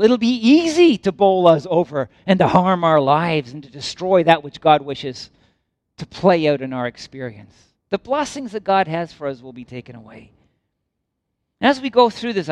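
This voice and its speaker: A man preaching a sermon, reading scripture aloud and driving points home with emphatic repetition. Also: dry recording. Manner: swings between raised emphatic lines and quiet low asides.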